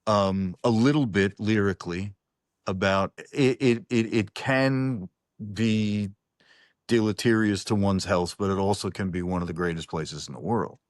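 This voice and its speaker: A singer-songwriter talking in a casual online interview, rambling with many restarts and some swearing. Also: male voice, lowish voice, measured pace, dry recording, studio quality. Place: New Orleans-based. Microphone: online interview call.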